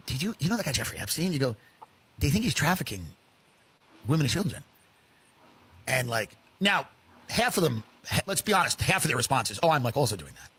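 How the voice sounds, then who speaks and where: A man ranting loudly in a comedic style, swearing and acting out mock voices. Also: mid-range voice, slightly rough. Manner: loud swearing rant, acts out rich people in mock voices. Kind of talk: comedic rant.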